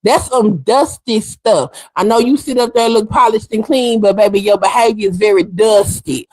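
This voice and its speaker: A woman's voice: mid-range voice, moderate pace, darkish tone, no echo, rough recording. A woman hosting a livestream, delivering heated commentary in a fiery, sassy, emphatic way and repeating her points for effect. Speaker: livestream host.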